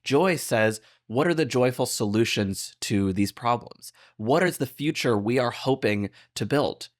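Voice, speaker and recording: An earnest, upbeat young man chatting as a podcast guest. His voice sits at an ordinary middle pitch. He bursts into lively, playful jumps when quoting others. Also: a little slow. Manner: earnest and upbeat, acts out quoted lines with animated shifts. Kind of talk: casual podcast conversation.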